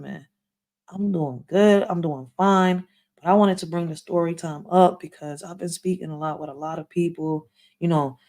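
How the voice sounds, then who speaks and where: A woman's voice: mid-range voice, darkish tone. A woman hosting a casual live story time, talking bluntly to her viewers in streetwise slang and swearing freely. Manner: blunt, profane, streetwise talk with repeated "yo" and "like". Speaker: livestream host.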